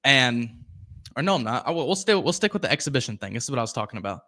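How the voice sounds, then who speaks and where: A man's voice: mid-range voice, very animated, quick pace, bright, forceful tone. A young man hosting a sports podcast, chatting casually, rambling off on tangents and reading viewer comments aloud. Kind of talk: casual live-stream commentary.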